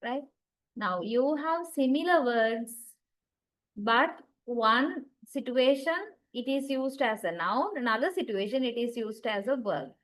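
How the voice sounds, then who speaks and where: A woman's voice: a little high, expressive, unhurried, a bit bright, low-quality recording. A woman lecturer with a Sri Lankan English accent, giving a recorded linguistics lecture and often checking in with "okay" and "right". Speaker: university lecturer.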